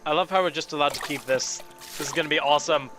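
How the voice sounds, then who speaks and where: A man with a fairly high voice talks at a quick pace, giving playful, amused commentary as he plays a video game. He's a let's play host doing casual gameplay commentary, and his voice sits over the game's music.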